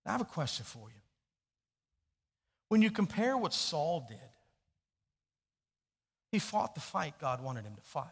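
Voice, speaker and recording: A man preaching a sermon, telling a story and swinging from hushed, low passages to loud, emphatic questions. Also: sing-song, measured pace, creaky, long pauses, breathy edge. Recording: long hall reverb.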